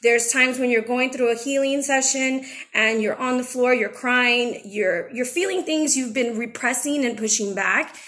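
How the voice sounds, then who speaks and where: Woman, tarot reader, casual spiritual chat, frank and chatty, slightly higher voice. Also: moderate pace, fairly bright tone. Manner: chatty, emotional, frank with occasional swearing. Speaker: tarot reader and channel host.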